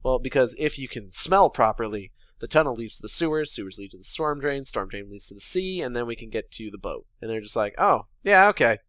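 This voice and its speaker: Casting: man, podcast co-host, mid pitch, sarcastic profane movie recap, dry close mic. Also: lively intonation, a little fast, few pauses, a bit bright, no room sound. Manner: sarcastic, profane, paraphrases characters in quotes. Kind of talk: casual recap chat.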